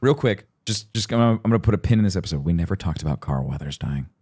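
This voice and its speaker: A man's voice: deep voice, quick pace, breathy edge. A man in his thirties co-hosting a podcast in casual chat, telling stories animatedly and acting out voices. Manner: animated storyteller, acts out voices. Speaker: podcast co-host.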